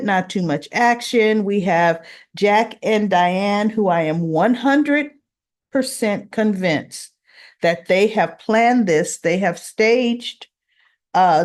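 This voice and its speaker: A woman hosting a casual soap opera recap, animated and acting out the characters' lines. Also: medium pitch.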